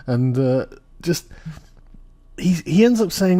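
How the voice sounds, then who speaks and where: Reacting to political clips and articles, a male vlogger laughs often and speaks sarcastically with plenty of profanity. His high-pitched, dark-toned voice is very animated, moving at normal speed with frequent pauses.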